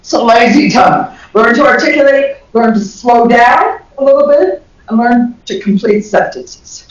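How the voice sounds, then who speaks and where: An older woman from the American South with a Southern accent, giving an animated lecture to health workers and laughing often. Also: a little high, measured pace. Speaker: communication professor giving a lecture. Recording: echoey dull recording from far off.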